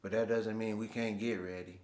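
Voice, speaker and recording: A man's voice: on the low side, steady tone, moderate pace, darkish tone, echoey room. A man hosting his own show, telling stories in a laid-back, slangy way. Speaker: host. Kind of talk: casual storytelling monologue.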